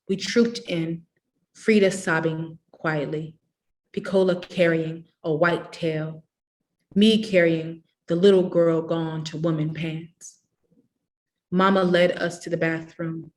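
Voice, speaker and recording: A woman reads a novel aloud in a measured, expressive way, her voice sitting fairly low. She narrates steadily between the characters' lines, like a public literary reading. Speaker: reader.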